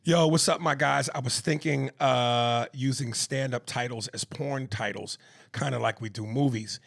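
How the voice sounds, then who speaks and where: A man with a New York accent co-hosting a comedy podcast, talking in profane, animated banter and reading listener messages aloud. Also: mid-range voice, normal speed, vocal fry. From East Coast of the US. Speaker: podcast co-host.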